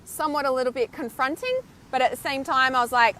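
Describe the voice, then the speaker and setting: A woman with a high, bright-sounding voice talks live to her followers in an animated, chatty way. She keeps checking in with "right?", swears now and then for emphasis, and has a faint hiss of noise behind her. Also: a little fast. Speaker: intuitive healer and mentor. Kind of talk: live stream talk to viewers. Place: outdoors, windy beach.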